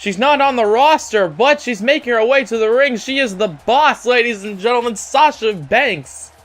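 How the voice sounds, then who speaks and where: A man with a notably high voice hosts a gaming channel. He calls wrestling video game matches in an excitable play-by-play style and keeps addressing "ladies and gentlemen.".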